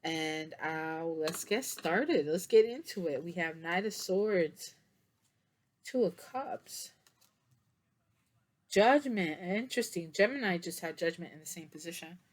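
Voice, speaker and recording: Tired woman, tarot reader, slow chatty delivery, lowish voice, rambling with fillers. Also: animated. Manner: chatty and meandering, many fillers, breaks into soft singing. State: tired, yawning. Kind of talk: casual tarot reading to camera.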